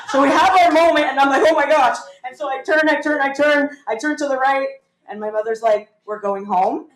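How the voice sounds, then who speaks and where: A woman telling a funny personal story on stage, animated and self-mocking. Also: on the high side, noisy background. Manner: animated, self-mocking, acts out voices of family. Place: small theater with live audience. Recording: roomy live theater sound.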